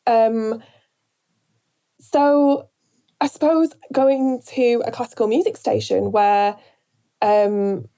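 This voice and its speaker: A woman from Northern England with a softened Northern accent, talking reflectively in an interview, searching for words with many pauses and restarts. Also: a little high, fairly even intonation, vocal fry. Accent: Northern English, softened. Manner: thoughtful, hesitant, many fillers and restarts. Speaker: radio presenter, guest.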